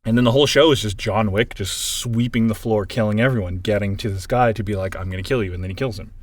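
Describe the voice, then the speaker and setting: Man, podcast co-host, low voice, animated storyteller who swears and acts out scenes. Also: fast, no room sound. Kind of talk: casual chat.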